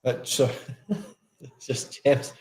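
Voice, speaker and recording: A man co-hosting a live stream from a town event, chatting casually and running through the schedule. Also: extremely slow. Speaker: co-host of a live local stream.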